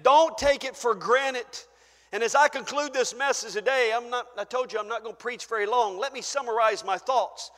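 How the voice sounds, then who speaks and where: An older man preaching a fervent sermon as pastor in a church, shouting praise and then dropping to a hush. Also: very high voice, normal speed. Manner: shouting, exclaiming hallelujah, swinging between loud and soft. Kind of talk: pentecostal sermon. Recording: church hall reverb.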